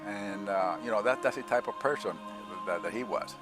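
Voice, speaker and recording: Halting low-voiced man recalling a coach, light music behind. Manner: halting, many pauses and fillers. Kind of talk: documentary interview.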